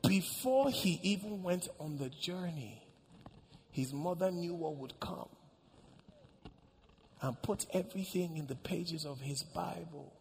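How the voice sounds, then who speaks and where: Dramatic preacher with a gravelly voice. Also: male voice, a little high, animated, unhurried, long pauses, big-room sound, a little hiss or hum. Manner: dramatic preacher, swings from loud cries to hushed whispers. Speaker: pastor. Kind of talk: sermon.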